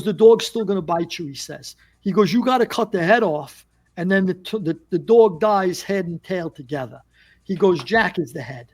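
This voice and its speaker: A man with a fairly high voice tells a story as a podcast guest. He is animated and acts out the quotes as he goes. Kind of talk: casual storytelling.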